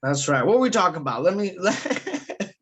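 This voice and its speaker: A man with a notably high-pitched voice talks in a loose, casual podcast chat. His stories run on with frequent fillers and plenty of profanity. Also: big pitch swings, moderate pace, fairly bright tone, husky. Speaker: guest comedian.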